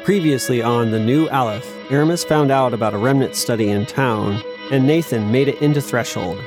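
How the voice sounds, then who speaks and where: A man narrating an audiobook in a measured storytelling manner, lightly voicing the characters. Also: mid-range voice, music in the background.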